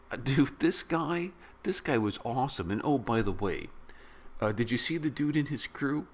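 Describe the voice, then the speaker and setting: A middle-aged man reviewing a movie in a casual, rambling, excitable way, full of slang. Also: medium pitch, moderate pace. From of British descent. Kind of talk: casual spoken film review.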